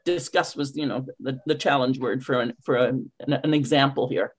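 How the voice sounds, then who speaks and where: A woman's voice: extremely low pitch, steady tone, normal speed, hardly any pauses, slightly rough. A middle-aged woman from Canada, an English coach answering interview questions in an emphatic, teaching manner with rhetorical questions, heard over a video call.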